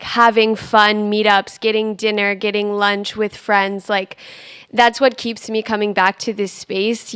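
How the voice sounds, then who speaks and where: A young woman speaking casually and lively at a panel, with lots of "like". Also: mid-range voice, smooth, no room sound, clean studio sound. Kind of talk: panel discussion remarks.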